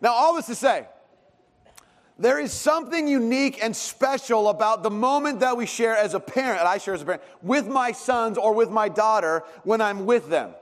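Animated pastor, high voice, reverberant hall. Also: male voice, normal speed. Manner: animated storytelling with big swings in pitch and loudness. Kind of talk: sermon. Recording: long reverb of a large hall.

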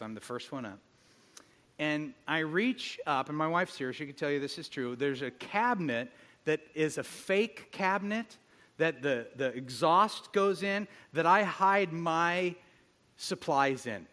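A middle-aged man preaching a sermon as pastor, telling stories with animated, self-mocking humor. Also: mid-range voice, normal speed. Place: church hall. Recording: long hall reverb.

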